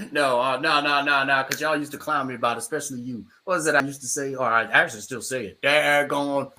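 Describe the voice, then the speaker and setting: A man's voice: mid-range voice, fairly quick, bright, forceful tone, slight background noise. A man from the northeastern United States, a podcast guest recalling army days in easygoing, laughing chat. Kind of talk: casual chat.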